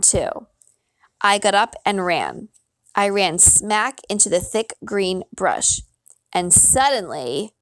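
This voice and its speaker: A woman reads a children's novel aloud, telling the story at an even, steady pace. Now and then she slips on a word and starts the phrase over. Her voice is mid-pitched and sounds dry and close, with no room echo. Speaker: reader.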